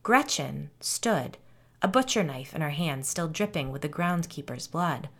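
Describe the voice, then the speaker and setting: A woman's voice: deep voice, expressive, creaky. Woman narrating a suspenseful horror tale. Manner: measured, suspenseful storytelling. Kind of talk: scripted narration.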